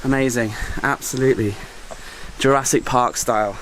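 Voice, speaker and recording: A man filming a casual travel vlog outdoors, chatty and excitable, making joking asides to the camera while walking through a jungle park. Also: medium pitch, normal speed, slight background noise. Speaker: travel vlogger.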